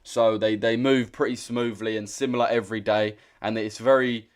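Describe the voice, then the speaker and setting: Brief: young British male streamer, low-ish pitch, blunt slangy chat, repeats himself. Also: fairly even intonation, moderate pace. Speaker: trading livestream host. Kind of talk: casual livestream chat.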